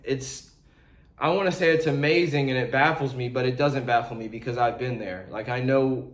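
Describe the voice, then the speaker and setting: A young man coaching beginners in a blunt, animated, slangy way, acting out sales calls as he teaches. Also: on the high side. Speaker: real estate wholesaling coach. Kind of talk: casual teaching talk to camera. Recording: echoey room.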